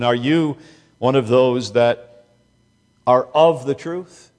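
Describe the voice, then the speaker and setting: Slow-preaching man in a reverberant hall. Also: a little high, darkish tone. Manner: slow, deliberate preaching with emphatic rises. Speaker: pastor. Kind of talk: sermon.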